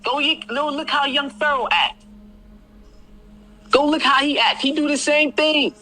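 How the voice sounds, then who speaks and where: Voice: high voice, unhurried, bright, forceful tone. A speaker in a played video clip, ranting in a confrontational, repetitive, scolding way.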